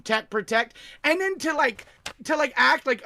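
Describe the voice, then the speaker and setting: A man's voice: very high voice, sing-song, moderate pace, pushed and bright, no echo. A man ranting profanely on a livestream panel, sneering and mocking the person he is angry at. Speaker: tech streamer on a panel. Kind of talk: livestream rant.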